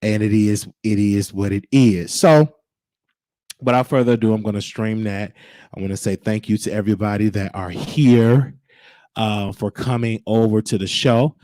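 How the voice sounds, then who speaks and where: A man's voice: fairly low pitch, steady tone, moderate pace, warm tone, dry recording. A man hosting his own show, talking in an emphatic, preachy way and repeating his points. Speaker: show host. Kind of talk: casual livestream monologue. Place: Texas.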